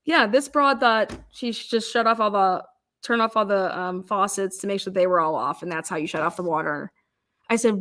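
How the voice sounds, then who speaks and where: A middle-aged woman commenting on a criminal case tells stories in a casual, profane and exasperated monologue, acting out the voices she quotes. Her voice is mid-range and a bit bright, at normal speed with long pauses.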